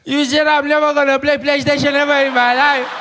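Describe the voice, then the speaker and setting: A man's voice: very high voice, flat delivery, a little fast, sharp tone, a little hiss or hum, pitched above the performer's own voice. Man putting on a whining crying little boy. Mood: tearful. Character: whining young boy, big-eyed little brother.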